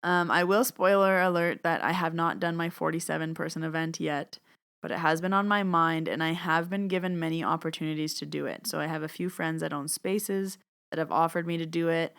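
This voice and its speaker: Woman, podcast host, casual storytelling, chatty, slightly low voice. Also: fairly quick, clean tone. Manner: chatty, animated, acts out quoted dialogue.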